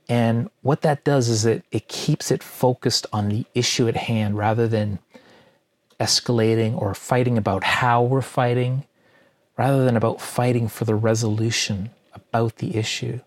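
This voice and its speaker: A man's voice: mid-range voice, no room sound, poor audio. Man preaching with rhetorical questions. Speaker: pastor. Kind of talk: sermon.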